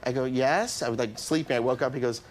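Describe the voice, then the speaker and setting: A man telling a comic anecdote as a guest, laughing often, acting out the voices in his story and getting more excited as he goes. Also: medium pitch, very fast, slight background noise. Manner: acts out quoted voices. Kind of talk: animated storytelling.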